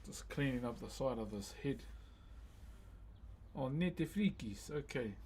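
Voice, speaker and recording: Kiwi guy on a carving stream, slow easy talk, calls everyone bro. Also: mid-range voice, animated, darkish tone, a little hiss or hum. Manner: laid-back, greets viewers as "bro". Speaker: wood carver live-streaming. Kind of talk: casual live-stream chat.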